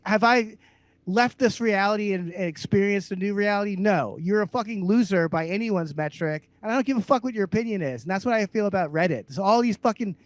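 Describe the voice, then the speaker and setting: Man, abrasive comedic rant, high pitch, dry close sound. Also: a little fast, dry recording. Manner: loud, abrasive, sarcastic. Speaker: podcast co-host. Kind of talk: profane comedic ranting.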